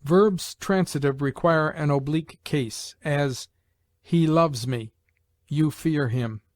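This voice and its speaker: A man reads an old grammar text aloud, taking it slowly with measured pauses between phrases. His voice sits a little high for a man. The recording is dry and close, with no room sound. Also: a little mellow, no room sound. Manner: slow, measured recitation with pauses. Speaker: reader.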